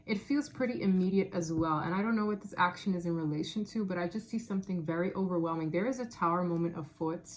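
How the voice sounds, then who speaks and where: A woman giving a casual tarot reading to her viewers, thinking out loud and laughing often. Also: on the low side, fast, few pauses. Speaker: tarot reader.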